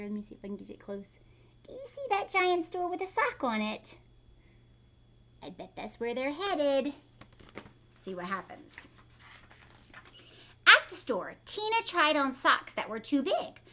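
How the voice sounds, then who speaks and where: A woman teacher reading a children's book aloud, animated and asking her young listeners questions. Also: a little high. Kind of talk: read-aloud storytime for children.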